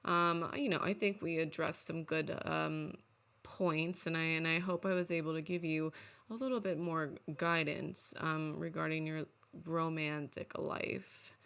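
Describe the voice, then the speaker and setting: A woman's voice: low-pitched, fairly even intonation, measured pace, gravelly, fairly bright tone, clear, resonant tone. A woman playing a life coach in casual comedic chat, earnest and encouraging.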